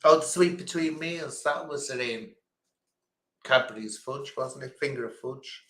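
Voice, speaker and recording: A man's voice: medium pitch, measured pace, a bit bright, roomy sound. A man hosting a casual quiz stream, chatting and rambling between questions. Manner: chatty, rambling, chuckling asides. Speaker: quiz host.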